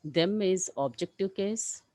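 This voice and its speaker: A woman teaching a live English grammar class, explaining rules step by step and often checking with "clear?". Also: mid-range voice, slow, a little mellow, dry recording, low-quality recording.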